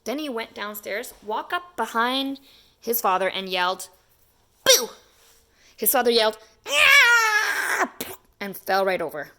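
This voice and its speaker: A woman reading a children's picture book aloud in an expressive, animated way. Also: medium pitch, moderate pace. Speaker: children's story reader. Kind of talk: storybook read-aloud.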